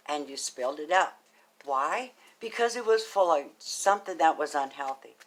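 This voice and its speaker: A woman giving a casual spoken tarot reading, chatty and affectionate, thinking aloud as she goes and now and then dropping into a soft, half-whispered aside. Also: low voice, slight background noise, rough recording. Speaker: tarot card reader.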